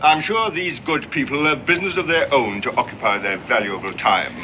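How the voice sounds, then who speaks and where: An actor playing a pompous naval commodore who speaks formally with cutting sarcasm. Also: male voice, medium pitch, brisk, highs cut off, noisy background, lightly acted. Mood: sarcastic.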